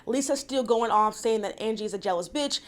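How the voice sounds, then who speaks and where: Young woman, slightly high pitch, casual vlog recapper with blunt, exasperated opinions. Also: brisk. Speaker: reality TV recap vlogger.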